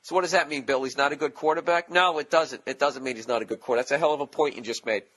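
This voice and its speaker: A man's voice: a little high, steady tone, rapid-fire, a bit bright. A man hosting his own podcast, talking alone in a casual, profane, sarcastic rant. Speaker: podcast host. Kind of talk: casual solo podcast monologue.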